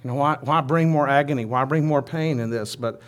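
A man's voice: mid-range voice, fairly quick. A man preaching a sermon, retelling a story in a conversational way with asides.

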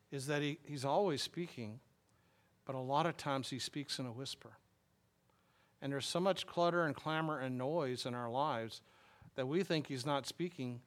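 A man's voice: a little high, clean tone. A man preaching a sermon in a loose, conversational way, full of fillers and restarts. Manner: conversational, rambling, with frequent fillers. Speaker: pastor.

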